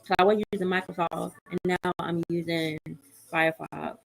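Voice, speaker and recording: A woman with a slightly low voice, ranting bluntly and with plenty of swearing into her computer mic during a casual livestream. She reads out viewer comments and answers them, and often stops and restarts her sentences as she goes. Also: fairly even intonation, creaky, soft background music, rough recording. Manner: blunt, profane, fast rants with repeated restarts. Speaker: livestream host. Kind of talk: casual unscripted livestream talk.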